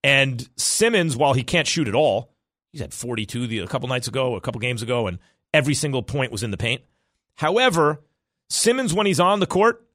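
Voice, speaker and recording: A man hosting a sports talk radio show, arguing his opinions in a fast, animated, self-correcting way. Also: a little high, dry recording, clean studio sound.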